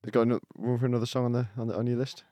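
A man's voice: medium pitch, little pitch movement, racing, dark tone, no room sound, clean studio sound. A man, a podcast guest chatting casually, rambling with many fillers and restarts. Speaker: podcast guest, singer-songwriter. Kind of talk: casual chat.

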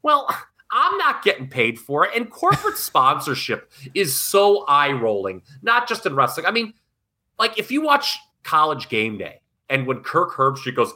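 A man co-hosting a podcast who reviews wrestling in casual chat, blunt and animated, with frequent swearing. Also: on the high side, unhurried. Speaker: podcast co-host.

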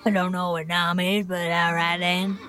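A woman's voice: fairly low pitch, flat delivery, moderate pace, sharp tone, soft background music. A woman voicing a wary older male farmer with a thick Southern accent, curt and suspicious. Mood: gruff.

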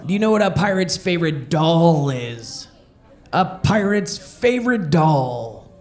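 A man playing a pirate comedian who tells family-friendly jokes and repeats each question before a slow punchline. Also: fairly high pitch, expressive, background noise. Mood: cheerful. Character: jolly joke-telling male pirate comedian.

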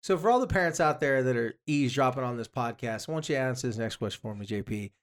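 A man hosting a podcast, talking casually and acting out little quotes with a lively delivery. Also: mid-range voice, quick pace. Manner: animated, acts out quotes and jokes. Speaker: podcast host.

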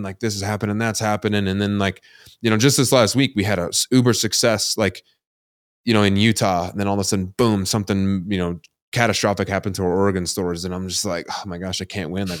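Fast-talking, low-voiced podcast host. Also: male voice, no room sound, studio quality. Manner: rambling, candid, lots of fillers like "like" and "you know". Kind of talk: casual podcast interview.

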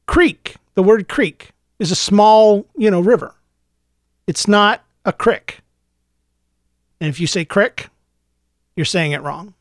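A middle-aged man hosting a solo podcast, mock-ranting tongue in cheek in a low-key, unhurried way. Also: no room sound, studio quality. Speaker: podcast host.

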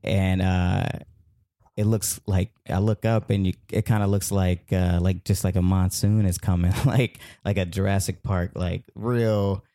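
A man telling a long, rambling story as a podcast guest, animated and full of fillers. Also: low voice, a little slow, no room sound, studio quality. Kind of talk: casual storytelling.

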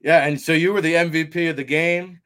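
A man with a New Jersey accent hosting a football talk show, chatty and energetic. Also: fairly high pitch, brisk. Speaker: host. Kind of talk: casual sports interview.

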